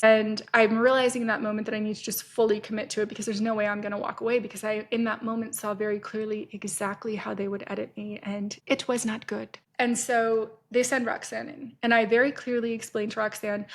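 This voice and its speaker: A woman's voice: on the high side, a little hiss or hum. Blunt, profane woman storyteller. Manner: blunt, profane, rapid self-interrupting storytelling. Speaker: podcast host. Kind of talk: casual storytelling monologue.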